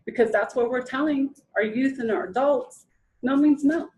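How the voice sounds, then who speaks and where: A woman in her thirties leads a training session, with a fairly high voice. She talks casually to the audience, restarting her sentences and slipping into little acted quotes. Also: moderate pace, darkish tone, a little hiss or hum, poor audio. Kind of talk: informal lecture to an audience.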